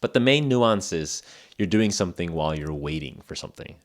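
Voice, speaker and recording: A young man hosting an English lesson podcast, explaining phrases in a relaxed, chatty way with acted examples. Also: low voice, brisk. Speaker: English podcast host and teacher. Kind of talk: casual spoken English lesson.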